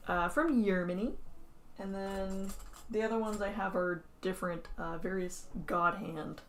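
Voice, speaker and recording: A woman's voice: on the low side, gravelly, slight background noise. A woman co-hosting a model-kit channel, talking casually and hesitantly about her painting. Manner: relaxed, hesitant, many ums. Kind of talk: casual chat while painting.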